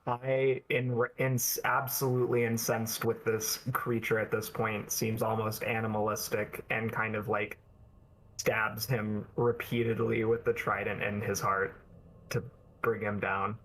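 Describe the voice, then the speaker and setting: Slow, low-voiced man playing a tabletop game. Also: level tone, a bit bright, a little hiss or hum, poor audio. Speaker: player. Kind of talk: tabletop play over voice chat.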